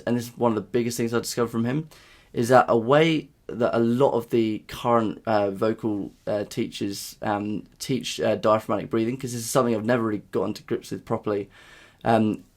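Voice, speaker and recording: A man's voice: mid-range voice, a little fast, a little mellow. A young man talking casually to camera in a vlog, rambling with lots of fillers and restarts. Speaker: vlogger.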